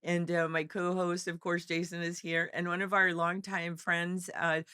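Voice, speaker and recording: Bright, crisp woman podcast host. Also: on the low side, little pitch movement, moderate pace, no echo, clean studio sound. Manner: upbeat, talks to listeners directly. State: losing her voice. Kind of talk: casual podcast chat. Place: hotel event venue.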